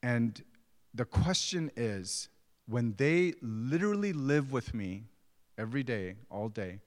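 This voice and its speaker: A middle-aged pastor preaches a sermon, conversational and self-deprecating as he tells stories about his own family. His mid-range voice is very animated yet slow, with long hall reverb on the recording.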